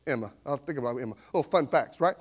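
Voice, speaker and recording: A man in his fifties preaching a sermon as pastor, animated and conversational, full of rhetorical questions. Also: medium pitch, fast talker.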